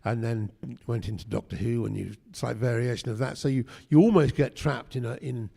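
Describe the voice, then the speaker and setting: A man's voice: medium pitch, brisk, creaky, mellow, breathy edge. An older man, a guest actor, telling chatty anecdotes at a convention panel interview, with frequent restarts. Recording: echoey hall.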